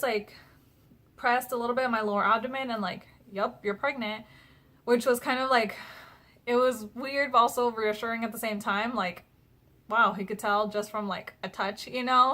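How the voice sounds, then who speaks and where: Chatty young woman, fairly high voice. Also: bright, forceful tone. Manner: chatty, retells conversations with many fillers. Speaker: vlogger. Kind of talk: casual personal vlog.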